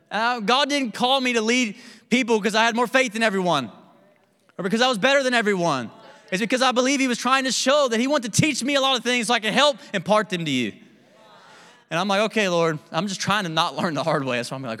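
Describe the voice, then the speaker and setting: Animated man preaching in a reverberant hall. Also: high-pitched, quick pace. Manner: candid, animated storytelling with laughs. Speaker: pastor. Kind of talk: sermon.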